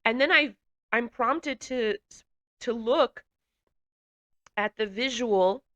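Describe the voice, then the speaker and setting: In a reflective personal testimony, an emotional woman with a runny nose speaks slowly in a slightly high, a bit bright voice. She hesitates, restarting often and using many fillers, and the audio sounds dull.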